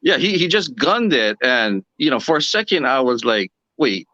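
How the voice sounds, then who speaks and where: Bright-toned man recalling a night, dry sound. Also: mid-range voice, normal speed, no echo, dull audio. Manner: relaxed, hesitant with fillers. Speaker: guest. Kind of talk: casual recollection.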